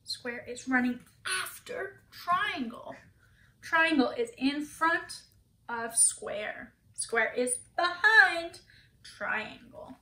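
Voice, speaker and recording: A woman's voice: sits high, expressive, drawn-out words, bright, forceful tone, echoey room. A woman teacher reading a picture book aloud to children, asking them questions and gasping for effect.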